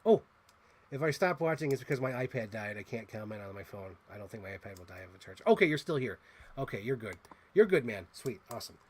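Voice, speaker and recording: Excitable man with a lively voice. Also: fairly low pitch, quick pace, breathy edge. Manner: excitable, chatty, gushing. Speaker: host. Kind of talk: casual toy unboxing chat.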